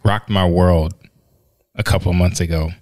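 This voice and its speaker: Man, thirties, fairly low voice, teasing, joking asides, dry close sound. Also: fairly even intonation, moderate pace, darkish tone, no room sound. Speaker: podcast co-host. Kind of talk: casual chat.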